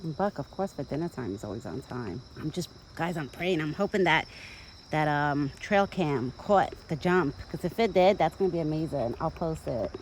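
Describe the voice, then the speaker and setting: A woman's voice: sits low, lively intonation, moderate pace, a little hiss or hum, rough recording. A young woman chatting casually to her phone camera outdoors in a rural yard while she feeds a deer, rambling and talking fondly to the animal. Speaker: vlogger feeding a backyard deer. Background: insects and countryside ambience.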